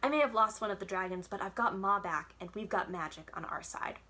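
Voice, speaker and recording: A woman, a children's librarian, reading a children's novel aloud in clear, even narration. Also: mid-range voice, a little fast.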